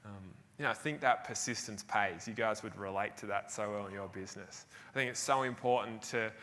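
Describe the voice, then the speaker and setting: A man's voice: fairly low pitch, brisk, bright, forceful tone. A young Australian man from Tasmania telling a self-deprecating story in a motivational stage talk. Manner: anecdotal, self-deprecating, laughs between phrases. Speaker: keynote speaker. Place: large hall on stage. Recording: live hall with long reverb.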